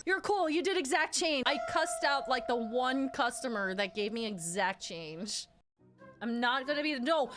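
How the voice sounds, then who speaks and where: A woman streamer chatting casually with her viewers while playing games, excitable and quick to laugh. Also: high voice, faint music behind. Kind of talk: casual live-stream chat while gaming.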